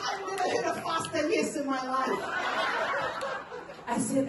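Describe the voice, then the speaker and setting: A woman's voice: high-pitched, unhurried, over a noisy crowd, heavy background noise. A woman doing stand-up comedy on stage, brash and teasing, talking straight to the audience. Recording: echoey live room, from far off. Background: audience and music.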